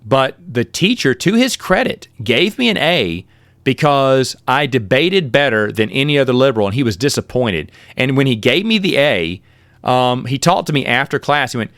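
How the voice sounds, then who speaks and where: A man's voice: mid-range voice, lively intonation, moderate pace, fairly bright tone, dry recording. A middle-aged man hosting his own podcast, telling casual stories and often correcting himself mid-sentence. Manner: rambling, self-correcting, quotes others in shifted voices. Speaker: podcast host. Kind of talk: casual solo storytelling.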